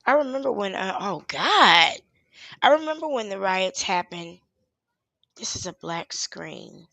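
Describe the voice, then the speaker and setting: A woman's voice: mid-range voice, sing-song, measured pace, vocal fry, sharp tone, no room sound, poor audio. A woman hosting a casual live stream as an activist, talking candidly and emotionally, swearing freely and laughing often. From Charlotte, USA. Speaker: livestream host and activist.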